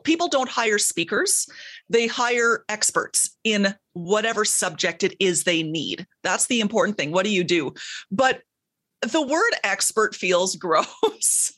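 A woman's voice: medium pitch, fairly bright tone. A woman communication specialist talking as a radio guest in an upbeat, quippy way. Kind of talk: casual radio interview.

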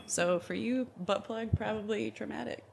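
A woman guest on a podcast, teasing the hosts with quick quips in casual chat. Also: medium pitch, vocal fry, over music.

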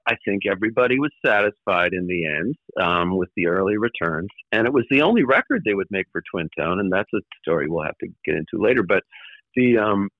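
A man with a lowish voice looks back on his time in the music business. He stops and starts, circles back with "um" and "you know," and laughs wryly now and then. The sound is dull and lo-fi, with no room echo. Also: expressive. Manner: halting, many fillers and restarts, wry laughs. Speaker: former record label executive, guest. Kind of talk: conversational interview storytelling.

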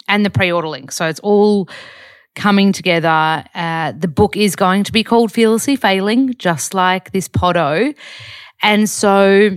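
A woman's voice: deep voice, a bit bright, clear, resonant tone, no echo, studio quality. A woman hosting a casual diary podcast, chatty and rambling with playful asides. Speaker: podcast host.

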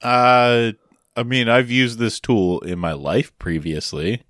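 A man co-hosting a podcast, chatting casually with laid-back, deadpan jokes. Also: mid-range voice, slow pace, no room sound, studio quality. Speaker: podcast co-host. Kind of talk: casual chat.

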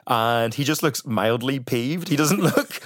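A man's voice: medium pitch, unhurried, a bit bright, no echo, clean studio sound. A young Irish man chatting casually as a podcast guest, laughing and acting out film lines as he tells the story. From Ireland. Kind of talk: casual chat.

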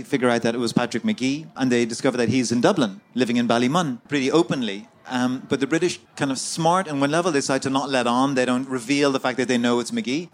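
Interviewed as an author at an outdoor festival, a man with a mid-range voice recounts events fluently and conversationally, with frequent fillers and restarts.

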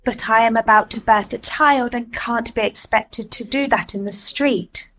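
A woman's voice: on the high side, moderate pace, fairly bright tone, natural voice. A woman playing a nervous young woman auditioning for a nativity play in an audio comedy, stumbling over her lines.

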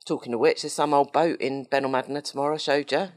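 A woman's voice: low voice, steady tone, fast. A middle-aged woman, co-hosting a casual podcast chat, teasing and laughing often. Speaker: podcast co-host.

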